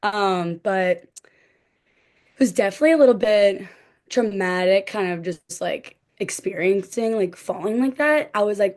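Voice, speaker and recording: A woman's voice: mid-range voice, a little slow, a little mellow. A young woman, a podcast guest, telling a story in casual chat and lacing it with "like" and small laughs. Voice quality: frequent "like" fillers, light laughs between words. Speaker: podcast guest, former cheerleader.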